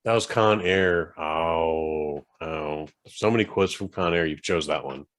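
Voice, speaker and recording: A man's voice: rumbling low, measured pace, a bit bright. A man co-hosting a casual podcast, joking along in an easygoing way. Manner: easygoing, joking, self-deprecating. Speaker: podcast co-host. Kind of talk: casual chat.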